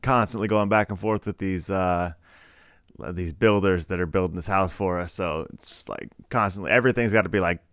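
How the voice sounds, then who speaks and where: A man's voice: low-pitched, brisk, fairly bright tone, no room sound, clean studio sound. A young man co-hosting a casual podcast, talking in a rambling, conversational way full of fillers. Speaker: podcast co-host. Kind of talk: casual chat.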